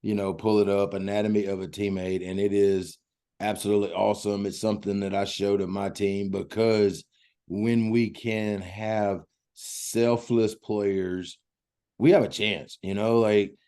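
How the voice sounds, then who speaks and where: A man's voice: lowish voice, little pitch movement, unhurried, dark tone. A man hosting a podcast who coaches a team himself, talking in an enthusiastic, chatty way. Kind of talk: podcast interview.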